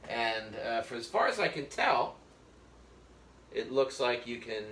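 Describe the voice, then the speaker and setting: A man's voice: mid-range voice, sing-song, a little slow, sharp tone, slight background noise. A man teaching a live online cooking class over a video call, explaining each step in a chatty, joking way with plenty of fillers. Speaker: cooking instructor. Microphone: webcam on a video call. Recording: echoey room.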